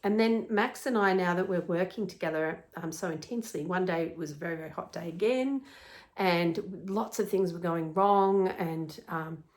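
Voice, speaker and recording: A woman's voice: on the low side, normal speed. A middle-aged woman, a life coach, talking casually to camera in a chatty, upbeat way, often laughing.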